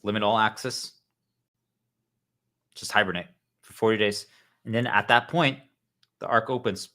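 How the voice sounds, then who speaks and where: A man's voice: lowish voice, steady tone, normal speed, long pauses, pushed and bright. A man talking earnestly to his viewers in a rambling monologue, often calling them guys. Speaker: spiritual vlogger.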